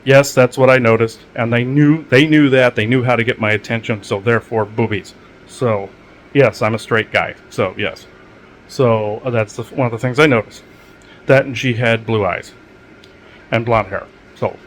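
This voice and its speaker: A man's voice: mid-range voice, steady tone, normal speed, slight background noise. Rambling man with lots of ums. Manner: meandering, many fillers and restarts; matter-of-fact about odd experiences. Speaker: channel host. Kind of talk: rambling casual monologue.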